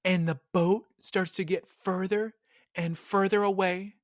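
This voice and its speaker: A man with a high, bright voice recaps a cartoon episode for his co-hosts, building it up with animated storytelling. The sound is close and dry, with no room around it. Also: measured pace, dry recording. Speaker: podcast host recapping an episode. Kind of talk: casual chat.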